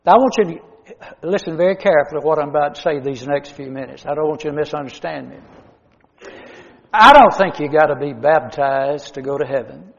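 A middle-aged man preaching a sermon in a church, rising to loud emphasis and dropping to hushed line endings. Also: on the high side, fairly quick, in a large hall, dull audio.

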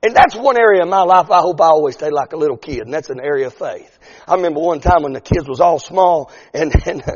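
A middle-aged male pastor preaching a sermon, building to shouted, drawn-out lines. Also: a little high, husky, big-room sound, highs cut off. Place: church sanctuary.

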